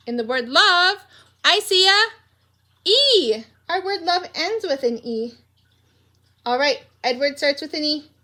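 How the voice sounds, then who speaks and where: A woman teacher leading a morning meeting for young children, in a slow, animated, sing-song voice with many questions for the kids. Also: high voice. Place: home room.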